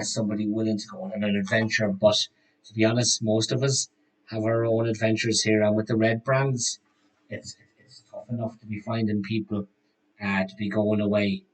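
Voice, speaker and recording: A man's voice: lowish voice, natural voice, low-quality recording. A man voicing a chatty, gossipy middle-aged frontier shopkeeper who rambles and restarts his sentences in a tabletop game. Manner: rambling, hesitant, full of restarts. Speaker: game master.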